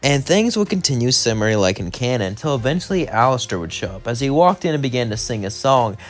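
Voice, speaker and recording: A man's voice: medium pitch, big pitch swings, fast talker. Rambling man telling a fan story. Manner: rambling, hesitant with "well" and "as then". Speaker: narrator. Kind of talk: casual fan-fiction storytelling.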